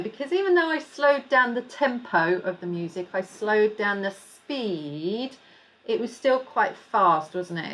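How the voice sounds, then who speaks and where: A woman teaching an online music lesson to children, speaking in an encouraging, clear way and slowing down to model words and clapping. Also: lowish voice, fairly bright tone.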